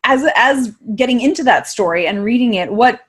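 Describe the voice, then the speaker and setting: A woman's voice: on the high side, animated, moderate pace, husky. A woman who writes books, interviewing a narrator in a friendly, conversational way. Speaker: interviewer, author. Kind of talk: interview questions.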